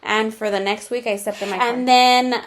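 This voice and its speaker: A woman's voice: a little high, steady tone, moderate pace. A young adult woman co-hosting a podcast, telling a personal story in casual chat. She speaks candidly, swears freely and drops in Spanish slang. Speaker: podcast co-host.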